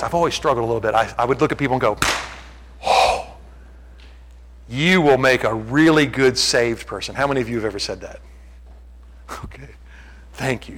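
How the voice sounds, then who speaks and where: A man preaching a sermon, joking with the congregation and acting out what people say, rising to near-shouts. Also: medium pitch, poor audio. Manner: animated, jokey, acts out quotes, shouts at peaks. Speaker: pastor.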